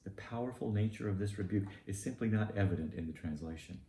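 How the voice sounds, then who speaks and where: A low-pitched man with a Southern US accent preaches a sermon, deliberate and pointed in his emphasis. His voice is dark and mellow. The recording sounds roomy and echoey, with a faint hum behind it.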